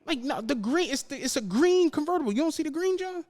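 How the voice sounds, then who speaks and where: A very high-pitched man who talks fast is co-hosting a podcast. In a casual chat, he delivers a lengthy, profane, animated story and acts out its characters.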